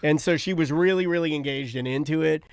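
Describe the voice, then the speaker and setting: A man's voice: on the high side, quick pace, clear, resonant tone, no room sound. A middle-aged man co-hosting a casual livestream podcast, chatty and enthusiastic, laughing often. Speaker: podcast co-host.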